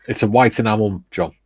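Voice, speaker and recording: A man hosting a casual livestream chat who reads viewer comments aloud in a relaxed way. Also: fairly low pitch, slightly rough, dry recording. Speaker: stream host.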